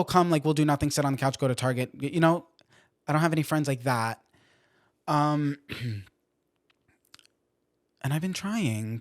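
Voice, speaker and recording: A man's voice: a little high, dry recording, clean studio sound. A young man hosting a podcast, rambling casually with lots of fillers and self-deprecating venting. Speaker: podcast host. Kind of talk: casual chat.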